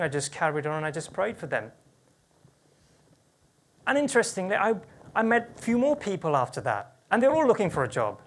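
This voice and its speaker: A preacher in church, giving a sermon as earnest personal testimony and often restarting sentences. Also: mid-range voice.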